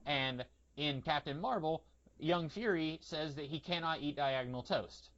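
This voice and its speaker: A man's voice: a little high, a little slow, a bit bright. A young man hosting a podcast, chatting casually and rambling with many restarts. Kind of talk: casual chat. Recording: dull lo-fi podcast audio.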